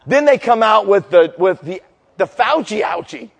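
A man preaching a sermon as pastor, telling stories loudly, shouting punchlines, then dropping low and slow to make his point. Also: very animated, gravelly, breathy edge, in a large hall. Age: 50s.

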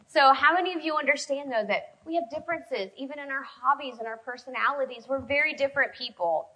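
Woman preacher, chatty storytelling sermon, bright and fairly high. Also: lively intonation, slight background noise, low-quality recording. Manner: conversational and storytelling, quick shifts in loudness. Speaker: preacher speaking to a women's group.

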